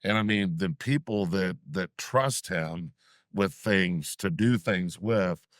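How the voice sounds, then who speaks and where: A man with a very low voice co-hosts a relaxed talk show. He chats easily and fills in details while the guest talks. The sound is dry and close. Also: slow pace, dry recording. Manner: relaxed, chatty, adds comments to the guest's story. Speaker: co-host. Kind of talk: casual chat.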